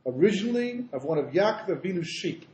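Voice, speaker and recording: A man voicing a calm, mystical old male Hasidic rebbe in a measured, solemn way, recorded in a roomy space. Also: high-pitched, slight background noise. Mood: revealing. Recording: roomy echo.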